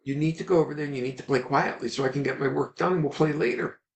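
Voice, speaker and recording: A man's voice: a little high, steady tone, quick pace, creaky, roomy sound. A man voicing a busy father who firmly sends his son away so he can work. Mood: dismissive. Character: busy, distracted working father.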